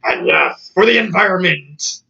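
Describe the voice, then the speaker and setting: A man's voice: sits high, lively intonation, a little slow, vocal fry, sharp tone. A man casually reviewing a story, laughing often in disbelief and using many fillers. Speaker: fan fiction reviewer. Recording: dull lo-fi audio.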